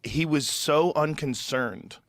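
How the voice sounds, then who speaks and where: A man's voice: fairly high pitch, slow pace, no room sound, clean studio sound. A man who hosts a podcast, chatting casually and recounting a personal story. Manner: conversational, backchanneling storyteller. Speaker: podcast host.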